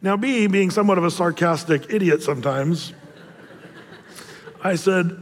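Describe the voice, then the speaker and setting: Man, pastor, casual joking sermon, high voice, big church hall reverb. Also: normal speed, pauses often. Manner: casual, joking storyteller with many restarts. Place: church auditorium.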